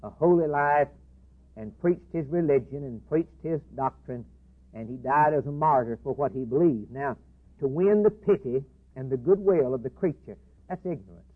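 Male preacher, fervent sermon delivery, slightly high and husky, thin phone-like sound. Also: moderate pace. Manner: impassioned, repetitive, swinging between loud declarations and hushed asides. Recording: tinny phone-like band, husky.

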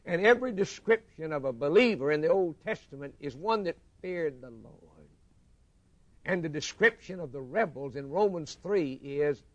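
Preaching man, rising and hushed by turns. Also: expressive, normal speed, no room sound, lo-fi sound. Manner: preaching with swelling rises and hushed low drops. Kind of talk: sermon.

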